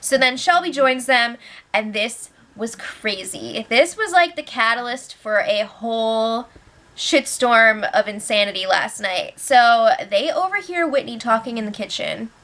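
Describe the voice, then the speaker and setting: Bright-voiced chatty woman recapping. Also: on the high side, expressive, unhurried. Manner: chatty and opinionated, acts out quotes. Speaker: show recap host. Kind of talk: casual spoiler recap.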